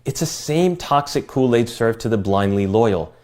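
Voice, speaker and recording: Calm, measured man reading a rebuttal. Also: mid-range voice. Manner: calm, measured, well spoken. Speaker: video essayist. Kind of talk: scripted rebuttal speech.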